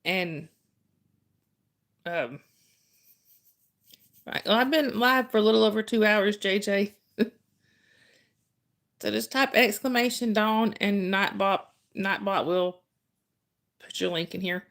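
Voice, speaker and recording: Speaking slowly and pausing often, a woman with a medium-pitched, slightly bright voice hosts a relaxed livestream. She shares a story with her viewers, laughing often and restarting sentences.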